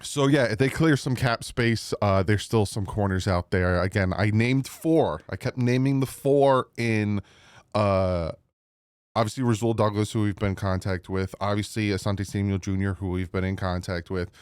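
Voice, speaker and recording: With a lowish, clear and resonant voice at normal speed, a New Jersey-accented man runs his own sports channel and talks casually to his viewers. The audio has no room sound, and his commentary rambles, with frequent restarts and a touch of frustration.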